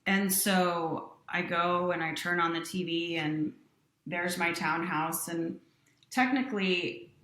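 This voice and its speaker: A woman guest recounts a personal story with earnest, animated delivery. Her voice sits low yet sounds bright and forceful. The room around her carries a noticeable echo. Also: slow, a little hiss or hum. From Utah. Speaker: company president, guest.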